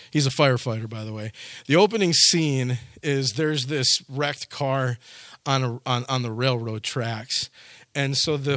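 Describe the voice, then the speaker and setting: A man preaching a sermon to his congregation, telling stories and acting out the scenes with sudden loud shouts. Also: medium pitch, dry recording, clean studio sound. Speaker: pastor.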